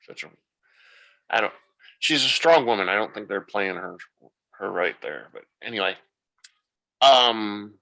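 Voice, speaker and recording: A man's voice: on the low side, expressive, unhurried, creaky, long pauses, sharp tone, rough recording. A man hosting a podcast, retelling the plot loosely in a casual recap and thinking aloud as he goes. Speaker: podcast host.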